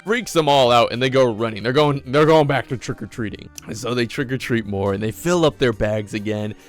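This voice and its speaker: A man's voice: medium pitch, fairly quick, over music. Rambling young man joking through a recap. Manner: rambling, joking, frequent restarts. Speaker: commentator recapping an episode. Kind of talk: casual comedic recap.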